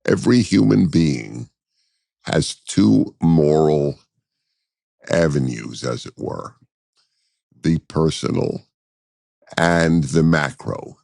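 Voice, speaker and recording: A man with an extremely low, gravelly voice talks at an unhurried, measured pace. He answers as a guest in an interview, deliberate and full of pauses and restarts. The sound is close and dry. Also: lively intonation, warm tone, dry recording. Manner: deliberate, with frequent hesitations and restarts. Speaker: guest commentator.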